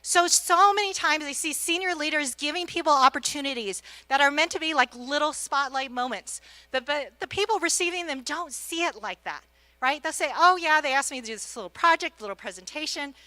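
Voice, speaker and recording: A middle-aged woman gives a motivational talk on a conference stage, speaking straight to the audience as an executive coach. Her voice is high and bright, and she acts out the quotes in her stories with plenty of energy. The sound is dry and close. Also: lively intonation, brisk, dry recording.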